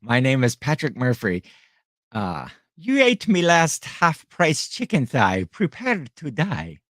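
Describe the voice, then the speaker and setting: A man's voice: medium pitch, wildly swooping pitch, slow, a bit bright, no echo, studio quality, exaggerated voice. A man playfully putting on a mock to play a comic avenger swearing revenge. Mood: hammy. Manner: jokey, hammy.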